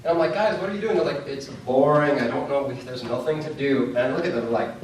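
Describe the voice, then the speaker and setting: A man's voice: mid-range voice, steady tone, fast talker, a little hiss or hum. A young man performing a stand-up comedy set, telling stories and acting out the dialogue, with the audience laughing along. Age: young adult. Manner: storytelling with acted-out dialogue, rising to shouts. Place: comedy club stage with live audience. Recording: distant mic in an echoey room.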